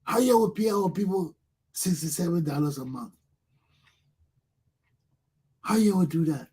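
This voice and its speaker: Liberian guy ranting on his talk show, kinda high husky voice, keeps saying man. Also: animated, measured pace, warm tone. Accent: Liberian English. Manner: emotional, repetitive, addresses listeners as "man". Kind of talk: impassioned political commentary.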